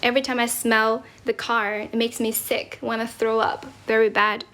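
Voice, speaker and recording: Young woman from china on a livestream, slightly high voice, chatty, laughs a lot, thanks ppl for gifts. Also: little pitch movement, moderate pace, a bit bright. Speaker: livestream host. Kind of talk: casual livestream chat, mixing English and Chinese. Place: indoors, squatting while streaming.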